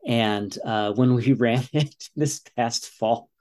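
Mellow-voiced American man in his forties. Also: medium pitch, takes it slowly. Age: 40s. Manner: earnest, explaining with repeated "you know". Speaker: guest, father and runner. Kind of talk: casual interview talk.

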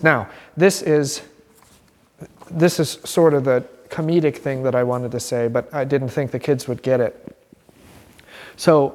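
A man teaching an informal Bible class as a pastor, earnest and animated, acting out quotes and restarting his sentences. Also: mid-range voice, in a large hall.

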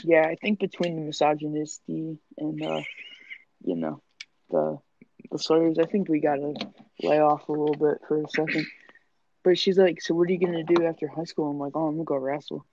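Young guy, crude storyteller, gravelly and fairly high, muffled home podcast audio. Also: brisk, a little mellow, a little hiss or hum. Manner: profane, joking storyteller. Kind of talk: casual chat. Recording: dull lo-fi sound.

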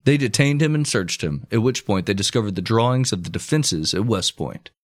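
A man with a fairly low voice reads out a historical account in a relaxed, conversational way. He keeps stopping for crude, offhand jokes with his co-host. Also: brisk. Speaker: podcast co-host narrating history. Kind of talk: casual history storytelling with banter.

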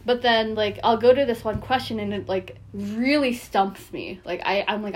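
A young woman co-hosting a podcast, telling lively stories, swearing and laughing often. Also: medium pitch, moderate pace, hardly any pauses. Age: young adult. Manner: animated storytelling, swears a lot, laughs often. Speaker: podcast co-host. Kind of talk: casual chat.

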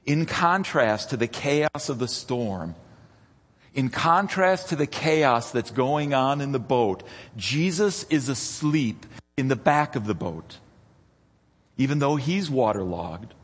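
A man preaching a sermon as pastor, dramatic and rising toward near-shouts when he retells scenes. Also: mid-range voice, slightly rough. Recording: long reverb of a church hall.

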